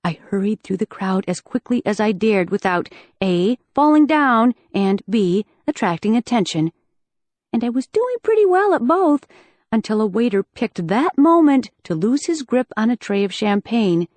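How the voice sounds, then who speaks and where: A woman reading a first-person audiobook in a lively, wry storytelling manner, on a close studio mic. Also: a little high, moderate pace, dry recording. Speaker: audiobook narrator.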